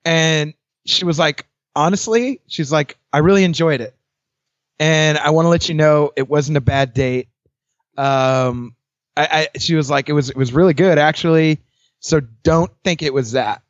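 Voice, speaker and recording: A young man, a podcast guest, telling his dating stories in casual chat, candid and quick to laugh, swearing freely. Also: a little high, no echo. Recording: dry, dull lo-fi sound.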